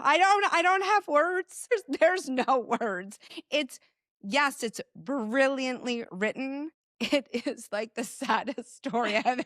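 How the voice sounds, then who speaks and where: Expressive woman co-host, bouncy high-ish voice, laughs a lot, dry mic. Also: no echo. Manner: expressive, laughs between remarks. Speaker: podcast co-host. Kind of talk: casual chat.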